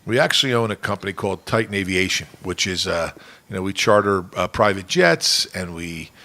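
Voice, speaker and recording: A man telling a rambling, animated story on a casual podcast, full of fillers and quoted voices. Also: sits low, brisk.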